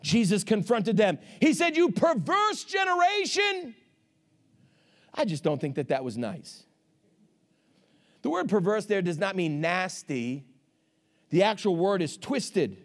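A man preaching a sermon with fervor, swinging between shouts and hushed asides and calling on the congregation for amens. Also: sits high, big pitch swings, unhurried. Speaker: pastor.

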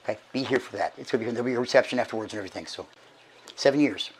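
A middle-aged man gives casual church announcements as archbishop, hoarse and short of breath, chatty and folksy with halting restarts. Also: medium pitch, slight background noise, low-quality recording. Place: church sanctuary.

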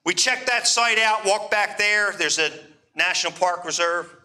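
A pastor telling a travel story in a sermon, animated and checking in with the congregation. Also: male voice, high voice, a little slow. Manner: animated, asks the crowd for responses. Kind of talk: sermon storytelling to a live audience.

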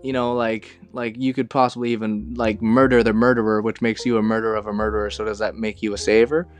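A man's voice: fairly low pitch, little pitch movement, quick pace. Profane, rambling young male podcaster. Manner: rambling, profane, laughing storyteller. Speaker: podcast host. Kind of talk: casual podcast monologue.

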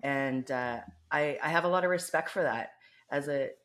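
A woman's voice: low-pitched, moderate pace, a bit bright. A woman with a Canadian accent co-hosting a podcast in casual, teasing chat. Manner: teasing, chatty, many fillers. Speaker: co-host.

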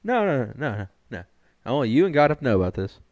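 A young man co-hosting a casual chat, asking the questions and teasing with crude deadpan jokes. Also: mid-range voice, fast, no echo, muffled recording. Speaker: podcast co-host.

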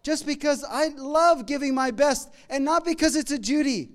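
A middle-aged pastor delivers a sermon in a conversational, humorous style, his very high-pitched voice moving at normal speed. He shifts between loud, emphatic lines and quiet asides.

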